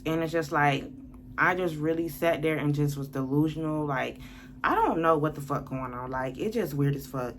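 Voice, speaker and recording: A woman vents through a storytime vlog, blunt and heavy with profanity. Her voice sits on the low side. A faint hiss lies under the recording. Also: moderate pace. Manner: blunt, profane, venting and worked up. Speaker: vlogger telling a story. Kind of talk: casual storytime monologue.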